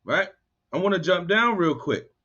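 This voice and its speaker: Male bible study teacher, animated and higher-pitched, muffled lo-fi recording. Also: breathy edge. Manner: reads verses slowly, then riffs in animated street talk. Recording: dull lo-fi sound.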